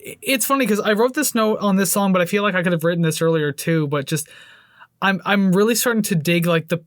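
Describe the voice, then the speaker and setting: A man with a high-pitched voice co-hosts a casual music review podcast, talking fast, rambling, laughing often and frequently restarting his sentences. The recording is dry.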